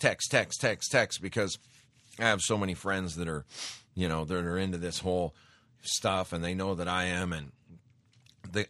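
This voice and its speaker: Deep-voiced emphatic male talk radio host. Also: a bit bright, no echo. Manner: emphatic, repeats words and restarts.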